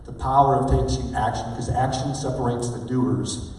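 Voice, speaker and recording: A man giving an energetic motivational talk on stage, calling for replies from the audience. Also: mid-range voice, normal speed. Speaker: motivational speaker. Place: large hall with a live audience. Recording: echoey hall, mic at a distance.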